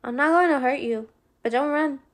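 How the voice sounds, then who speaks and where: A woman voicing a young man who speaks low and urgently with a lilting accent, in an audiobook reading. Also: normal speed, lightly acted. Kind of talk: audiobook character voice.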